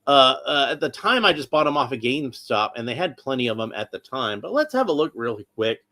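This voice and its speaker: A man's voice: mid-range voice, sing-song, a little fast, bright, forceful tone. A man hosting a casual toy-collecting live stream, chatty and rambling, with many restarts and tangents.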